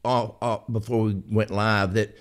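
A man's voice: fairly low pitch, little pitch movement, unhurried. Playful man with a Southern accent. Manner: playful, laughs easily, asks follow-up questions. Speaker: host. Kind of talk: casual interview.

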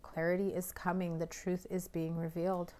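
A hoarse woman recovering from illness, giving a casual tarot reading. She talks in a chatty way, often drops to a breathy half-whisper, and keeps clearing her throat. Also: lowish voice, flat delivery, moderate pace, darkish tone. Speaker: tarot reader.

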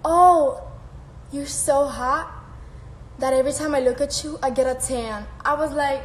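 A woman's voice: high-pitched, unhurried, pauses often. A teenage girl on a live stream, chatting casually, reading and answering fan comments, laughing often and swearing freely. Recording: echoey room with faint background noise.

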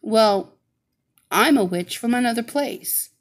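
A woman's voice: on the high side, slow. A woman putting on a polite, puzzled young heroine.

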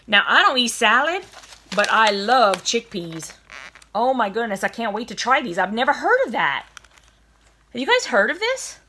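A young woman chatting in a gushing, excited way while unboxing snacks for her viewers. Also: on the high side, a little hiss or hum. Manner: gushing and chatty, lots of oh my goodness. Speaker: vlogger unboxing a snack box. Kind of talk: casual chat.

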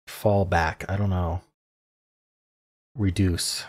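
A man solving a crossword out loud, muttering clues and thinking aloud in an unsure, self-questioning way. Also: deep voice, a little slow, breathy edge. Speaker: puzzle-solving video creator.

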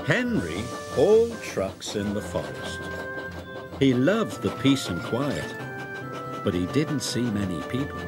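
A man narrating a children's train story in an expressive, deliberate way. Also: medium pitch. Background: loud background music.

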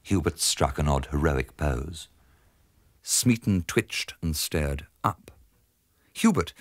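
A man narrating a comic story in a pompous, theatrical way with sweeping emphasis. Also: lowish voice.

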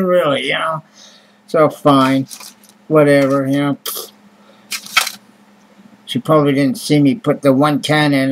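A man's voice: fairly high pitch, a bit bright, low-quality recording. Grumbling, foul-mouthed man. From Canada. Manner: grumbling, profane, blunt complaining. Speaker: vlogger. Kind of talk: casual ranting monologue to camera.

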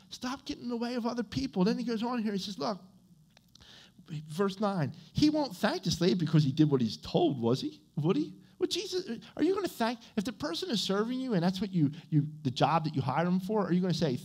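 Guy pastor preaching, chatty, keeps asking okay? right?, voice bouncing all over. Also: slightly rough. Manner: conversational preaching with frequent "okay?" and "right?" checks; animated, with swings in pitch and loudness. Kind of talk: sermon. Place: church.

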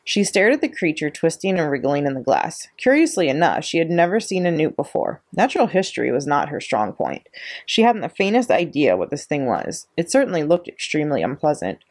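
A librarian reading a children's chapter book aloud, steady and expressive. Her voice sits low but moves a lot in pitch, keeping the story lively. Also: a little fast.

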